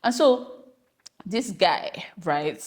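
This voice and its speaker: Young woman, podcast host, from Nigeria, casual rambling chat, animated storytelling. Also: mid-range voice, very slow. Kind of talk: casual monologue.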